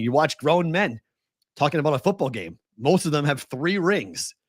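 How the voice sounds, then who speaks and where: A man's voice: mid-range voice, a bit bright, no room sound, studio quality. A man co-hosting a casual sports podcast, telling a long story with lots of restarts and short laughs. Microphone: remote video call.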